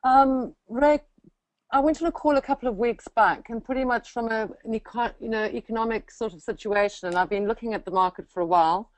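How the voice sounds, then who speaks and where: A woman from Africa with a colonial African English accent, a guest chatting in a friendly, relaxed way on a call. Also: fairly high pitch, brisk, no echo, low-quality recording. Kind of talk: interview on a call.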